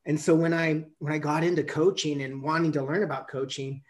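A man's voice: fairly high pitch, level tone, fairly quick. A man in his fifties, a coach and podcast guest, telling stories in a rambling way with many restarts and fillers. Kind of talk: casual storytelling interview.

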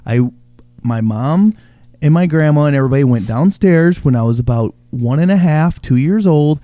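A young man co-hosting a casual podcast, laid-back, with deadpan quips. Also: fairly high pitch, moderate pace, dry recording. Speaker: podcast co-host. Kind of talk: casual chat.

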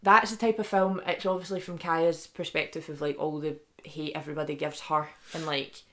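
Young woman podcast cohost, kinda low voice, says like a lot, rambly. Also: moderate pace. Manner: chatty, heavy use of "like", animated quoting. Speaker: podcast co-host. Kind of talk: casual chat.

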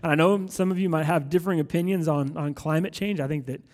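Male pastor, 30s, casual energetic sermon delivery, higher voice, reverberant church hall. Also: fast talker. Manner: energetic, conversational, animated asides.

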